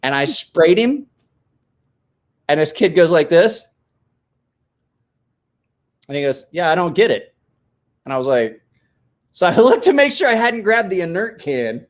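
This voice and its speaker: A man's voice: high-pitched, sing-song, a little slow, pauses often. A man in his forties telling a story in casual chat as host, acting out quotes with big jumps and laughs.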